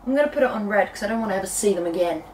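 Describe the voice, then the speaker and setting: A young woman from Britain chatting casually in a book vlog from her bedroom, telling stories in a lively, animated way. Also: medium pitch, far from the mic, loud music behind the voice, poor audio. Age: young adult. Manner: chatty, quick and animated storytelling. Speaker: book vlogger. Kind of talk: casual chat.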